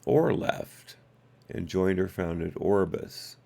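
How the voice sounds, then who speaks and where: A man's voice: low-pitched, expressive, slow, vocal fry, mellow. A man hosting a live stream, reading documents aloud and breaking off for wry asides and corrections to his chat.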